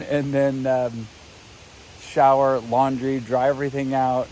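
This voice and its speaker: A man's voice: medium pitch, fairly even intonation, slow, a little mellow, slight background noise, poor audio. A man casually vlogging to a handheld camera at a damp outdoor campsite, chatty and tired from hiking. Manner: chatty, upbeat, laughs easily. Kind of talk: casual trail vlog to camera.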